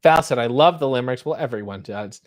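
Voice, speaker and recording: A man's voice: mid-range voice, lively intonation, fast, no room sound. Man hamming up limericks, then wry asides. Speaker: livestream host reading chat. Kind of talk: casual livestream chat with comic limerick readings.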